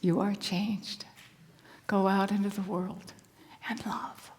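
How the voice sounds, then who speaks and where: A woman telling a story in a soft, hushed voice that often drops to a whisper, with a repeating, rhythmic cadence. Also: medium pitch, level tone, slow pace, big-room sound, a little hiss or hum. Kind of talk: slow spoken-word storytelling.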